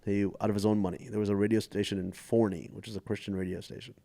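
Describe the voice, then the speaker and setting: A middle-aged man from Texas tells stories in a relaxed, animated way as a comedian guest. His voice sits fairly low and sounds dry and close, with little room around it. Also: quick pace, creaky, dry recording. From Dallas area, Texas. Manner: animated storyteller who slips into voices and laughs often. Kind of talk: casual storytelling chat.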